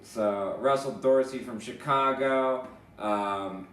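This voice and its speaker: A man's voice: medium pitch, slow pace, a bit bright, echoey room, far from the mic. Laid-back man co-hosting a sports show. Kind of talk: casual sports chat.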